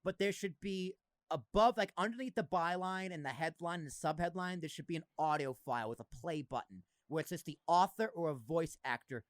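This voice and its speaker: Guy in his 30s hosting a podcast, kinda high voice, bouncy and rambly, dry sound. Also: brisk, dry recording. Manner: animated, swearing, lots of fillers like "like". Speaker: podcast host. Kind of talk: casual chat.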